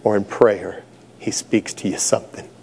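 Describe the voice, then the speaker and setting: A man's voice: fairly low pitch, fairly even intonation, normal speed, creaky, darkish tone, slight background noise. A middle-aged man preaching a sermon, telling stories with humor and laughing at his own jokes. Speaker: pastor.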